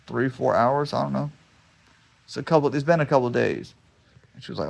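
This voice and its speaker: Gravelly veteran rambling with a drawl. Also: male voice, mid-range voice, fast talker. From United States. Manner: joking, wandering, repeats himself, restarts sentences. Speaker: army veteran vlogger. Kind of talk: casual rambling monologue to camera. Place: backyard garden, outdoors.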